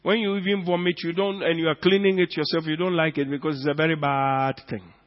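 A man preaches a sermon in a high, ringing voice, dropping to near hushes and then surging loud as he stretches key words. The recording is dull and lo-fi, with a long reverb trailing through the church hall. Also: little pitch movement, fairly quick. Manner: swings from hushed to loud, drawing out words for emphasis. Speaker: pastor.

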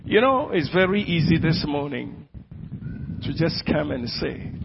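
A man's voice: a little high, sing-song, unhurried, vocal fry, slight background noise. A man preaching a sermon in a church in a Ghanaian English accent, emphatic and asking his congregation questions. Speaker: pastor. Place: church hall. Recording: dull, lo-fi recording in a reverberant church hall.

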